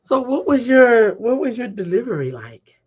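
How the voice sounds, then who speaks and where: A woman's voice: a little high, very animated, normal speed, breathy edge. A woman hosting an interview, affirming her guest often and asking follow-up questions. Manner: affirming, echoes "right" often. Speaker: host. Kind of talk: interview chat. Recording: dull lo-fi recording.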